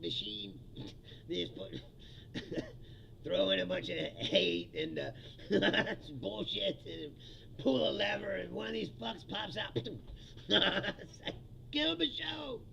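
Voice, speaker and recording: High gravelly man ranting crudely. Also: big pitch swings, slow, long pauses, pushed and bright, muffled recording, a little hiss or hum. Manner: crude, mocking, often laughing at his own jokes. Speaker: comedian. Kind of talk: profane comedic political rant.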